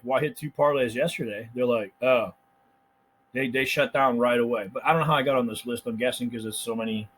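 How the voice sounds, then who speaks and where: A man hosting a sports betting picks channel, telling stories in a casual, profane, animated rant. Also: medium pitch, a little hiss or hum, low-quality recording. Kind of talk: casual ranting monologue.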